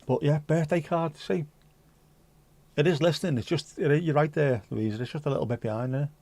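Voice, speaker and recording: A man's voice: on the high side, normal speed, darkish tone, no room sound. Joking man hosting a livestream. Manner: chatty, joking banter with mild swearing; reads news excerpts aloud conversationally. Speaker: livestream host. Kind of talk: casual pub-style chat.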